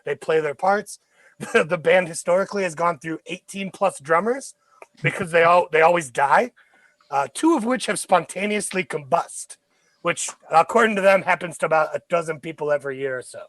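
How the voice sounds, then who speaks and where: A man's voice: on the high side, normal speed, fairly bright tone, no room sound. A man co-hosting a podcast, chatting about movies with enthusiasm and acting out favorite quotes. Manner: enthusiastic, quotes lines with laughs. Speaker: podcast co-host. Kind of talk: casual movie review chat.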